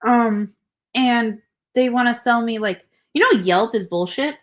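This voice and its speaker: A woman's voice: fairly high pitch, animated, unhurried. A young adult woman co-hosting a podcast in casual chat, talkative and blunt, swearing and laughing as she tells stories. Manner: chatty, swearing, laughing asides. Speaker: podcast co-host.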